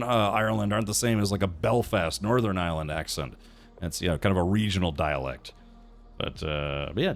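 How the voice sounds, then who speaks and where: A man streaming a video game, chatting casually, rambling and thinking aloud with lots of fillers and restarts, and reading chat and quest text aloud. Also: lowish voice. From United States. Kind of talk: casual livestream chat while gaming.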